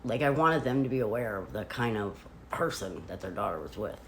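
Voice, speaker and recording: A woman vlogger chatting casually from a hotel room, retelling events in an animated way with lots of "like.". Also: very deep voice, fairly quick, a little hiss or hum. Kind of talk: casual storytelling.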